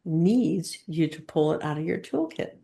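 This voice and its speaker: A woman leading a channeling session, speaking as a collective "we" and asking gentle probing questions. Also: sits low, lively intonation, unhurried, gravelly.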